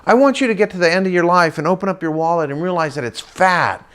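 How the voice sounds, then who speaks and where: A middle-aged man doing stand-up storytelling for a crowd, his voice sitting a little high for a man. He talks in a loose, chatty way and breaks into playful sing-song impressions of the people in his story. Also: fast, a bit bright, clear, resonant tone. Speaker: comedic motivational speaker. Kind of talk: stand-up storytelling to a live audience.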